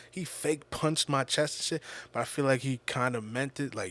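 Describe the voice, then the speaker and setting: Fast, pushed, and bright, the man's voice sits at medium pitch. He hosts a podcast and tells a personal story in a relaxed, reflective monologue, with frequent stops, repeated words, and free swearing.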